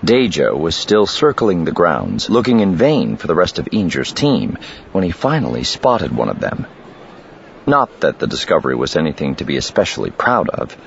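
A man reading an audiobook as the narrator, with an expressive, dramatic delivery, in a dull lo-fi recording. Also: sits low, moderate pace, vocal fry, a little hiss or hum. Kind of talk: scripted narration.

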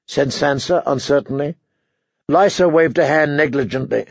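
A male audiobook narrator reading in a measured, even storytelling manner, his voice slightly higher than most men's. The sound is close and dry with no room, and a little dull in the highs. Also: vocal fry, husky, dry recording. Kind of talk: scripted narration.

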